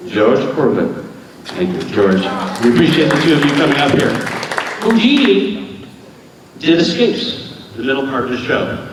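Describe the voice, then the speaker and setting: A man's voice: mid-range voice, sing-song, unhurried, pauses often, a crowd in the background. A man performing as a stage magician, chatting and joking with volunteers in front of a live audience. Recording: echoey theater hall from far off, audience noise.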